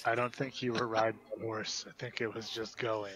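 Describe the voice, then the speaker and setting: Low-voiced wisecracking man at a game table. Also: flat delivery, brisk, a bit bright, soft background music, poor audio. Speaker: player. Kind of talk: casual tabletop game chat.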